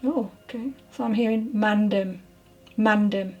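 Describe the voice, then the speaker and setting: A woman giving a channelled mediumship reading, hesitant and apologetic, often dropping into soft whispered asides. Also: medium pitch, fairly even intonation, measured pace, lo-fi sound, soft background music. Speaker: spiritual medium.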